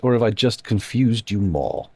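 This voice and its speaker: Animated low-voiced man streaming a game. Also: normal speed, husky, dry recording. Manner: rambling, musing aloud, self-deprecating asides. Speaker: streamer playing a colony-building game. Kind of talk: casual live-stream gameplay commentary.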